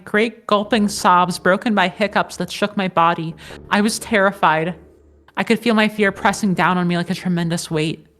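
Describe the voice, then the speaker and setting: A woman's voice: on the low side, fairly bright tone. A woman co-hosting a podcast, reading a visual novel's first-person narration in an earnest storytelling manner. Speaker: podcast co-host.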